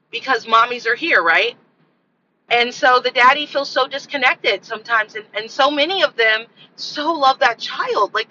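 A woman with a strikingly bright voice tells a personal story in a loose, rambling way, laughing often as she goes. Her delivery is animated and casual. The recording sounds dull and lo-fi, with faint traffic in the background. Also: medium pitch. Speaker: podcast host.

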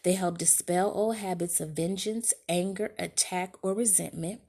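A woman's voice: fairly low pitch, fairly even intonation, normal speed, darkish tone, husky. A woman hosting a podcast, giving a candid, slangy monologue straight to her listeners. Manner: candid, slangy and conversational, addressing listeners directly. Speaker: podcast host. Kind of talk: casual heartfelt monologue.

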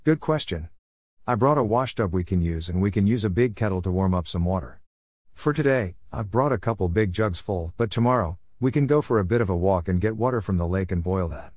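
A man's voice: sits low, lively intonation, fairly quick, darkish tone, no echo, clean studio sound. A man reading a story, voicing a patient but firm grandmother on a camping trip.

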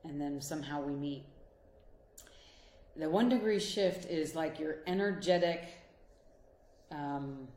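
A deep-voiced woman with a darkish tone speaks slowly and pauses often, her words echoing in the room. Working as a life coach and couples therapist, she gives an earnest, encouraging motivational talk straight to the listener.

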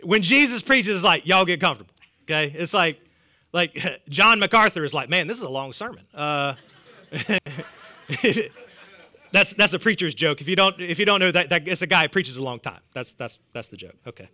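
A man's voice: a little high, animated, moderate pace, bright, forceful tone. A man with a Southern US accent preaching a sermon, humorous and conversational, chuckling often. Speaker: pastor.

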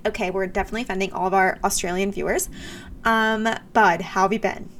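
A woman's voice: medium pitch, fairly even intonation, quick pace, a bit bright, slight background noise. A young woman co-hosting a podcast, chatting casually and joking with her friend. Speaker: podcast co-host. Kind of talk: casual chat.

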